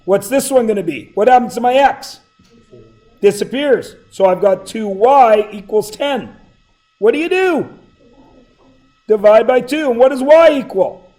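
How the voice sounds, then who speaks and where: Man, middle-aged, math teacher, high voice, sore throat, classroom lecture, questioning. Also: lively intonation, unhurried, pauses often, warm tone, rough recording. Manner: questioning, prompts students for answers.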